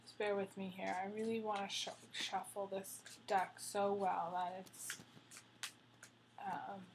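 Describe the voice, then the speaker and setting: A woman's voice: medium pitch, little pitch movement, measured pace, noisy background. A woman giving a casual spoken tarot reading, rambling with many fillers and restarts and getting emotional. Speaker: tarot reader.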